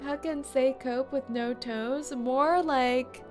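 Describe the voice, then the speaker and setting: A woman's voice: sits high, fairly even intonation, slow, a little mellow, soft background music. A woman streaming a game, chatting in a giggly, playful, teasing way. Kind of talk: game livestream commentary.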